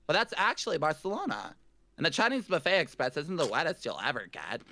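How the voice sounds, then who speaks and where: A streamer voicing an unamused young Valley girl in a comic read-aloud, flat and bored. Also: medium pitch, fast, heavily acted. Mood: deadpan.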